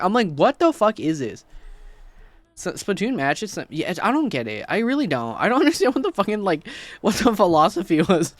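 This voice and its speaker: A man's voice: high voice, a bit bright, no room sound. A man streaming casually, tired, rambling and swearing while he talks about games and his code. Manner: rambling, swears, laughs a lot.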